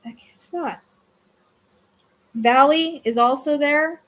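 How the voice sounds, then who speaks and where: Woman, excitable live streamer, fairly high voice, hushed asides then loud exclaiming, casual chat. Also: slow pace. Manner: excitable, swings between hushed and exclaiming, talks to her dog. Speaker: psychic streamer.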